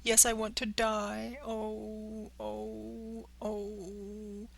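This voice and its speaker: A woman's voice: expressive, takes it slowly, fairly bright tone, heavily acted. A woman voicing a young wooden puppet boy in an audiobook, speaking in a raised, pleading, tearful voice. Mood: grieving. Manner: high, pleading, tearful cries. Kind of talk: audiobook character voice.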